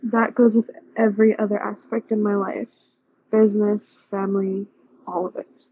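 Young woman, hushed and raspy, flat even tone, pleading personal prayer, dull muffled recording. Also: medium pitch, moderate pace. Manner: earnest, pleading, confessional. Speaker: vlogger praying aloud.

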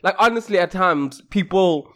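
A man's voice: sits high, lively intonation, normal speed, a bit bright. A man co-hosting a podcast, telling stories with lots of laughter and mimicking other people's voices. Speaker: podcast co-host. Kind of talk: casual chat.

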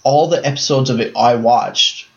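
A man's voice: medium pitch, normal speed, creaky. A man in his thirties co-hosting a podcast in casual chat, often giving short agreeing replies. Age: 30s. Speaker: podcast co-host. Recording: dull lo-fi sound.

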